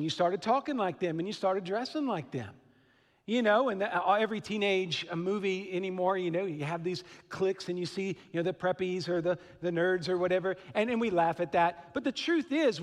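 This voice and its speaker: A man's voice: high-pitched, fairly bright tone, big-room sound. A middle-aged man from Western Kentucky with a Southern accent, preaching a sermon in an earnest, conversational way with asides. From Western Kentucky / Southern Illinois. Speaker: pastor.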